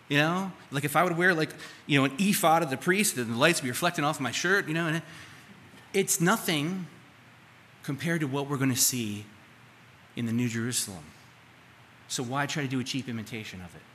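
Bright-voiced male pastor preaching in a hall. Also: a little high. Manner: conversational preaching, asks the congregation questions. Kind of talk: sermon. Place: church sanctuary. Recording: live church hall reverb, faint room noise.

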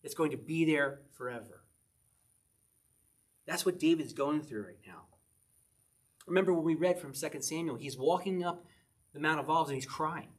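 Husky man preaching with animated questions. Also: on the high side, moderate pace, long pauses. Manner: conversational teaching, asks the audience questions, reads scripture aloud with emphasis. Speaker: pastor. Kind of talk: sermon.

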